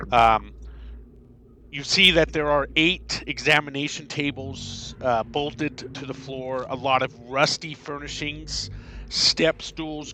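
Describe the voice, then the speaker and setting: A man narrating a tabletop game as game master, halting and repeating himself with many fillers. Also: medium pitch, sharp tone. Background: background music.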